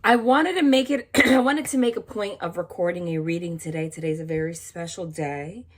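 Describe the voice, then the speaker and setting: Chatty woman tarot reader, slightly low voice. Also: normal speed. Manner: chatty, repeats "okay?", frequent small slips and self-corrections. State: cold, shivering. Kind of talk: casual spiritual talk to camera.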